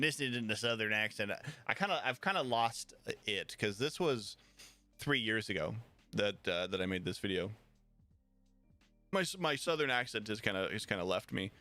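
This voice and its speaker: A man's voice: mid-range voice, fairly bright tone, dry recording. A man streaming live, talking casually and rambling, with frequent restarts and laughter. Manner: rambling, repeats himself, laughs often.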